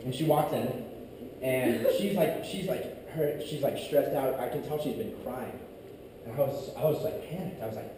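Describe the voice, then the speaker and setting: A man's voice: medium pitch, moderate pace, noisy background. A young man giving a youth talk, telling a personal story in a casual, rambling way full of "like". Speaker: youth ministry speaker. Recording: echoey distant room audio. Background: room ambience.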